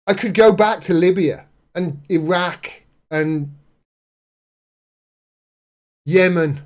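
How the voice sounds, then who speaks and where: A man's voice: sits high, slow. A man hosting a live political commentary stream, reading news aloud and reacting with indignant sarcasm.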